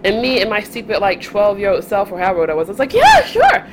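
A young woman telling stories in a casual chat, animated, often laughing and acting out the voices of the people she quotes. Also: mid-range voice, rapid-fire. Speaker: podcast guest. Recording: faint background noise.

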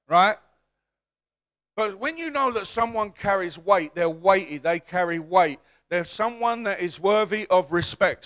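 High, bright-voiced man preaching a sermon. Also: clear, resonant tone. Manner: call-and-response preaching, swelling to shouts. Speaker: pastor.

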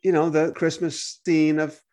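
Man, pastor, podcast host, slightly high voice, lively storytelling. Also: measured pace. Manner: animated storytelling, acts out quoted voices. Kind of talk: casual conversation.

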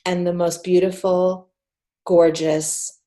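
Casting note: woman, forties, animated storyteller guest, slightly low voice. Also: slow. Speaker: podcast guest, PR agency founder. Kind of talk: casual storytelling interview.

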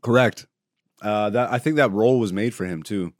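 A man co-hosting a podcast in casual chat, laughing loudly and often, swearing freely and telling animated stories. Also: lowish voice, normal speed, dry recording, clean studio sound. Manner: loud, frequent laughter, profane banter; animated storyteller. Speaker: podcast co-host.

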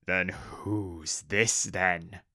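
A man's voice: low voice, fairly even intonation, bright, forceful tone, no room sound, studio quality, exaggerated voice. A man bellowing as a bullying orc boss. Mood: threatening. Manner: bellowing, slow and threatening. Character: huge bullying male black orc boss, menacing.

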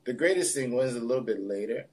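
A man guest on a podcast interview, telling a personal story in a relaxed, reflective way with plenty of casual fillers. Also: medium pitch, fast talker. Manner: relaxed, reflective, loose with fillers like "you know" and "like". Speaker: podcast guest, spiritualist and healer.

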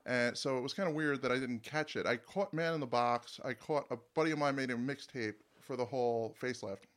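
A middle-aged man hosts a music podcast in a casual, upbeat way. He chats easily and laughs often, with a voice of ordinary pitch. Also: a little fast, fairly bright tone. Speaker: podcast host. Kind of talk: casual chat.

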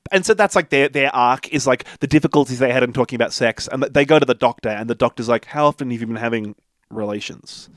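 A young man in relaxed podcast chat, walking through a film's plot and chiming in with steady agreement. His voice sits at an ordinary middle pitch. The sound is close and dry, with no room around it. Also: fast talker, hardly any pauses, no echo. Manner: agreeable, lots of yeahs, summarises plot. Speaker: podcast co-host. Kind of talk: casual film review chat.

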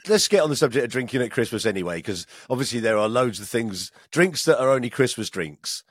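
British man, podcast co-host, mid-pitched, chatty and rambling, laughs a lot, dry close sound. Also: animated, a little fast, slightly rough, dry recording. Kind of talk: casual chat.

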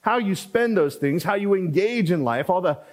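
A pastor delivers a sermon in a relaxed, conversational manner, with a somewhat higher male voice. He repeats key phrases for emphasis and drifts into quick asides before returning to his point.

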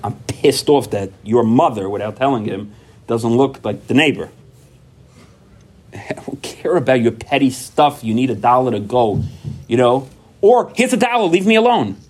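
Man, mid-pitched voice, recovery workshop talk, animated storytelling, acts out dialogue, repeats and restarts. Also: normal speed. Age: adult parent. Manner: frequent repetitions and restarts.

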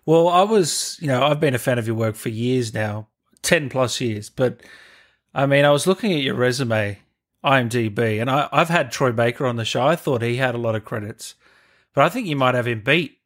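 A man's voice: medium pitch, normal speed. A man hosting an interview, an eager fan who coaxes his guest. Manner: enthusiastic fan, coaxing. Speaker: podcast host. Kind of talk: casual interview.

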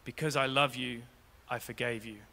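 A man voicing a kindly, forgiving grandmother in a story he tells, speaking softly and gently. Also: medium pitch, fairly even intonation, moderate pace, vocal fry, pitched below the performer's own voice. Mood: tender. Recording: long reverb of a large church hall.

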